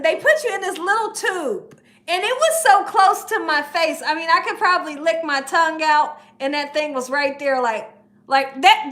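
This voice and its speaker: Lively high-voiced woman with a drawl. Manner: storytelling, animated, laughs often. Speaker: cooking channel host. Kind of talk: casual livestream chat reading comments.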